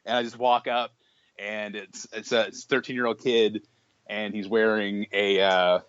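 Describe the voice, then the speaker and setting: A man's voice: fairly low pitch, normal speed, smooth, no echo, dull audio. Young man telling a rambling story. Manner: animated storyteller, many restarts, acts out quotes. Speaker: podcast co-host. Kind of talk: casual chat.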